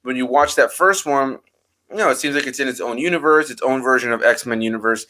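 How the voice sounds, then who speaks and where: A man hosting a relaxed conversation, talking in long winding stretches full of ums and likes. His voice is bright and forward, at an ordinary middle pitch. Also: fairly quick. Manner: rambling, animated, many fillers. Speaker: host. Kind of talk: casual chat.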